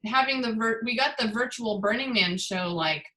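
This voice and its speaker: A woman's voice: on the high side, moderate pace, sharp tone, poor audio. A woman musician being interviewed, talking casually and thoughtfully with many fillers. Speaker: musician guest.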